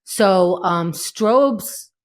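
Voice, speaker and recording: Animated woman podcast host retelling scenes. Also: mid-range voice, drawn-out words. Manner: animated retelling, acting out characters' lines. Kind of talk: casual chat recapping a TV episode.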